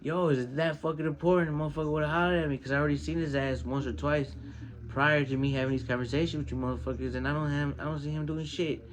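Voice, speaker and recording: A man hosting his own show, telling a personal story in casual, profane street slang and getting animated when he quotes people. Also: fairly high pitch, quick pace. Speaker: podcast host.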